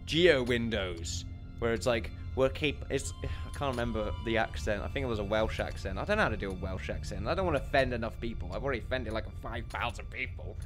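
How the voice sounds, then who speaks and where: Talking quickly in a medium pitch, a young man gives casual let's play commentary on a building game. He rambles, pokes fun at himself, and laughs a lot, while faint music plays beneath him.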